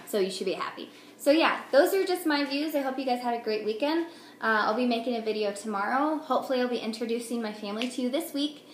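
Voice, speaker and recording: A young woman, a mom vlogger, talking frankly and earnestly to the camera in a casual way, with frequent ums. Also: mid-range voice. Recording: echoey room with faint noise.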